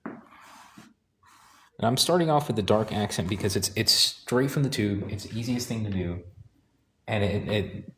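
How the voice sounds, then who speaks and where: A man teaching painting, talking calmly and thinking aloud while he works, sometimes correcting himself. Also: lowish voice, moderate pace, pauses often, slight background noise. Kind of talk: live painting demonstration.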